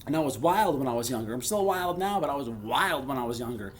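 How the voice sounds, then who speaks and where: A man's voice: medium pitch, lively intonation, quick pace, a little hiss or hum. A man hosting his own channel, talking in a loose, streetwise monologue full of stammered restarts. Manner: rambling, streetwise, keeps saying "man"; frequent restarts and stammered repeats. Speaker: channel host. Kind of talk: casual monologue.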